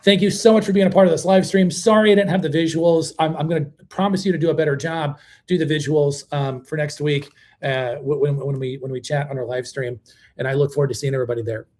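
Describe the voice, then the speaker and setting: Man, casual live stream host, blunt and animated, lots of fillers, fairly high voice. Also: fast talker. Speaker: host of a mobile home channel.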